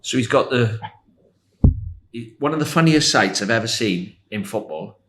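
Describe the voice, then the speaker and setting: A man in his sixties, a former footballer, telling animated anecdotes as a podcast guest and laughing as he goes. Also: mid-range voice, normal speed, background noise. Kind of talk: anecdotal storytelling.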